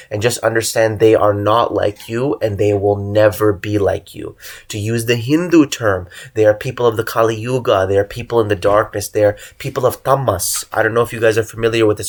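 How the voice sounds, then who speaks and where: A young man delivering an earnest preaching monologue, exhorting listeners and stressing lists of single words. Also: on the low side. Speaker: religious channel host.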